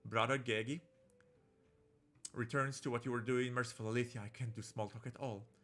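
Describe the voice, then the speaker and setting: A man's voice: medium pitch, little pitch movement, fairly quick, a bit bright. A man streaming a visual novel. He reads the game text aloud and jokes around in a playful, campy way. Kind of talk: casual gameplay commentary, reading game text aloud. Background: faint game music.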